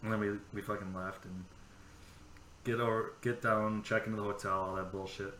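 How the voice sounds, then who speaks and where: A man's voice: fairly low pitch, little pitch movement, normal speed, a bit bright, roomy sound, a little hiss or hum. A man hosting a podcast, telling rambling, profane anecdotes in casual chat. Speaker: podcast host.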